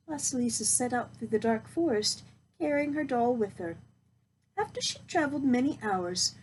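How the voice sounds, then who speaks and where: A woman with a higher voice reads a fairy tale aloud, expressive and slowing down for the tense moments. A faint hiss runs under the recording. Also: poor audio. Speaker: storyteller. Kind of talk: storybook read-aloud.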